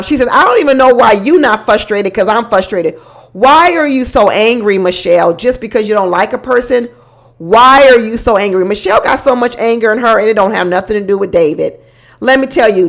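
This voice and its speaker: A woman giving casual, opinionated commentary as a reality show recap host, often indignant and laughing. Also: mid-range voice.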